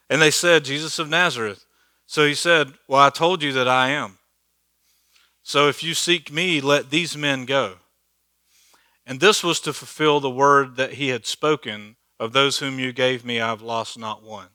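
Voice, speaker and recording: A man's voice: mid-range voice, moderate pace, pushed and bright, smooth, dry recording. A man teaching a church Bible study in a conversational, joking way, laughing at his own asides. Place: church hall.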